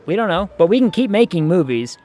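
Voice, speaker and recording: A man's voice: high-pitched, sing-song, fast, darkish tone, soft background music. A man streaming a management game, chatting casually and thinking aloud as he plays.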